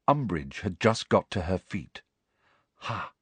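A man with a lowish voice narrates an audiobook in a measured, expressive storytelling style. There's no room sound in the recording.

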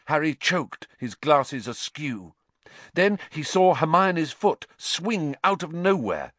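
Guy reading an audiobook, bright crisp voice, takes his time, dry studio. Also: on the high side, dry recording. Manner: measured, expressive storytelling. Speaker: audiobook narrator. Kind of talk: scripted narration.

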